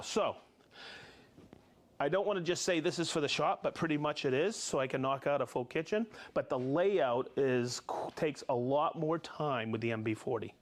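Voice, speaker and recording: A man hosting a live tool demonstration show, talking casually with jokes and quick bursts of speech. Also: on the high side. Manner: jokey, upbeat, quick bursts of talk. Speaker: host of a tool demo show. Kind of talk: casual live demo chat.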